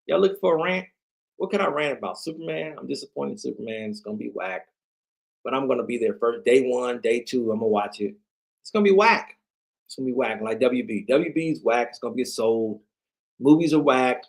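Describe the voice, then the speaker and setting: A man's voice: medium pitch, lively intonation, fairly quick, gravelly. A tired man hosting a late-night livestream, ranting in a rambling, repetitive way and talking to his chat. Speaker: livestream host.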